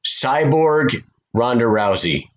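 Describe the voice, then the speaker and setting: A man from the United States, co-hosting a podcast and telling stories in a loose, profane, animated way. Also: mid-range voice, slow, a little hiss or hum, poor audio. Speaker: podcast co-host. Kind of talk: casual chat.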